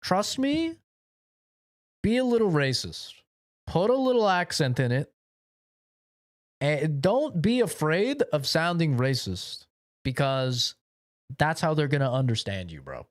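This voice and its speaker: A man's voice: on the high side, big pitch swings, measured pace, long pauses, no room sound, studio quality. Crude ranting male gaming streamer. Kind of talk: casual live-stream chat.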